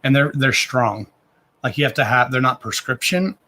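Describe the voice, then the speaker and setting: A man's voice: mid-range voice, animated, normal speed, bright, forceful tone. A man in his thirties chatting casually on a live stream as a card reader, rambling, with frequent restarts and loose swearing. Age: 30s.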